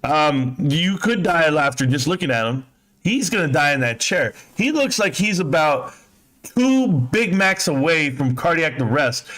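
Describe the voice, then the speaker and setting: A man's voice: on the high side, lively intonation, measured pace, a bit bright. A man in his fifties hosting a live stream, chatting casually and crudely, joking and mocking as he reads comments. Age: 50s. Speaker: livestream host.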